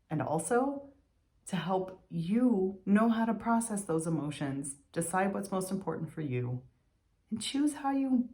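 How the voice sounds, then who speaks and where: Lowish voiced woman in her 40s, thinking out loud, reflective vlog, sighs a bit. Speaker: vlogger. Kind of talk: reflective personal monologue.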